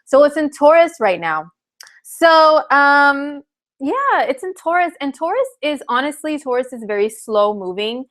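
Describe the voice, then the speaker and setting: A woman's voice: sits high, sing-song, a little slow, fairly bright tone. A woman astrologer giving a casual live-streamed forecast, chatty and candid with many fillers.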